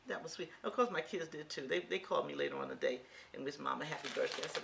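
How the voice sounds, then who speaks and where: With a low, creaky, sharp-toned voice and a fast delivery, a home cook in her sixties shows viewers a recipe from her kitchen, speaking to them directly in a folksy, exclamatory way. Slight background noise is audible in this casual cooking demo.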